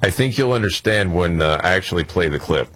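A man co-hosting a talk radio show, joking around and firing off quick questions. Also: sits low, animated, fairly bright tone, slightly rough. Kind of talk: casual talk radio banter.

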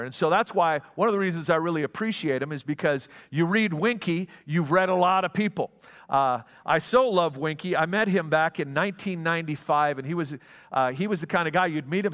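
Middle-aged pastor preaching in a reverberant hall. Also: male voice, fairly high pitch, a bit bright. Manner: conversational storytelling preacher, frequent restarts. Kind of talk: sermon. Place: church sanctuary.

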